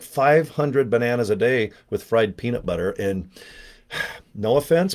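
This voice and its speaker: A man's voice: lowish voice, a little mellow. An older man talking in a casual, rambling vlog, joking and chatty with a self-deprecating streak. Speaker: network marketing promoter.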